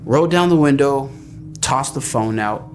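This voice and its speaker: A man's voice: medium pitch, animated, normal speed. A man recounting a personal experience in a plain, matter-of-fact way. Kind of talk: personal story clip. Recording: faint music behind.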